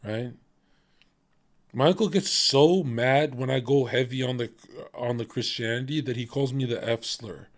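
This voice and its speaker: A male streamer at a middle pitch, talking straight into his mic. He argues with his chat, swears freely and laughs between jabs in a loose, combative rant. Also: unhurried. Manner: profane, combative, laughs often. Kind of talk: casual livestream rant.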